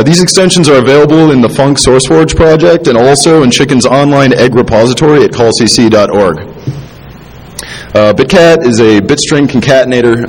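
A man with a slightly low voice gives a technical talk to a room, stumbling through restarts and frequent filler sounds. He is a little tipsy and slips in dry, self-deprecating asides between points. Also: darkish tone, low-quality recording. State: tipsy, drinking while talking. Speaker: conference speaker. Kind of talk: technical presentation.

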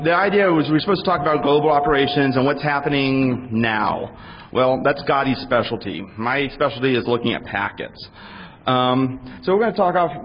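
A man's voice: mid-range voice, a little hiss or hum. A man casually moderating a conference panel, loose and joking as he improvises. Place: conference hall with audience. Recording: dull recording in a reverberant hall.

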